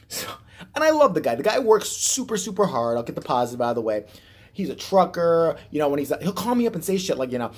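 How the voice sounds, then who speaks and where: A man's voice: fairly high pitch, sing-song, quick pace. A man from Chicago ranting casually to camera in a profane, sarcastic, rambling way. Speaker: vlogger. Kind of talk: casual vlog rant.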